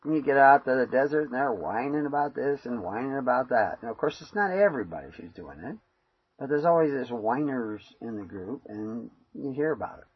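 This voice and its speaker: A man's voice: mid-range voice, expressive, brisk, husky, dry recording, dull audio. A man giving a rambling, conversational sermon full of fillers. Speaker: preacher. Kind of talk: informal sermon.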